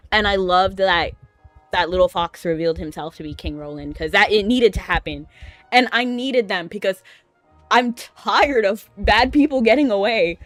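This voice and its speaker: A woman streaming a game, chatting excitably and laughing often as she reacts to it. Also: medium pitch, no room sound. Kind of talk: casual gameplay commentary.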